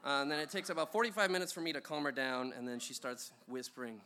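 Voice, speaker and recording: A man's voice: mid-range voice, quick pace, hardly any pauses, sharp tone. A young man telling a funny personal story at a live show, rambling with lots of ums and uhs and chuckles.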